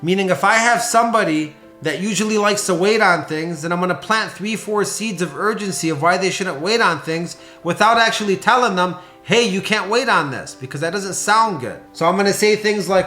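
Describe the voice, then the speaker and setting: A man in his thirties with a fairly high voice coaches salespeople in a casual, lively way and acts out the lines he would say to clients. The sound is roomy and echoing. Faint music plays underneath. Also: fairly quick, hardly any pauses. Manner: energetic, conversational, acts out sample sales lines. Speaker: sales trainer. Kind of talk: sales training talk.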